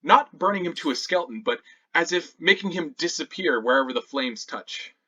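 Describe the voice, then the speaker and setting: A man narrating as game master of a tabletop game, dramatic, moving between loud and hushed. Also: fairly high pitch, expressive, fairly quick, slightly rough, distant mic, lo-fi sound.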